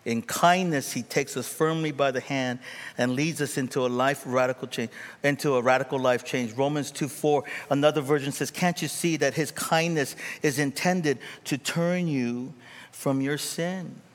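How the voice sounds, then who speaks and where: A man preaching a sermon, animated and rising to near shouts, acting out quoted voices. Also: mid-range voice, normal speed. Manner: acts out quoted voices in dialogue. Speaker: pastor. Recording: reverberant hall.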